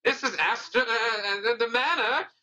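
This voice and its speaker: A man voicing a fussy male kobold manager with a thin mustache, speaking high and haughty. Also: moderate pace, sharp tone, lo-fi sound, heavily acted. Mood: indignant.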